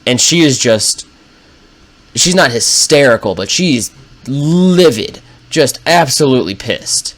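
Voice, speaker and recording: A man's voice: mid-range voice, expressive, slow pace. A young man casually telling funny family stories while playing a game, laid-back, wry and full of swearing. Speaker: storyteller. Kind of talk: casual storytelling over gameplay.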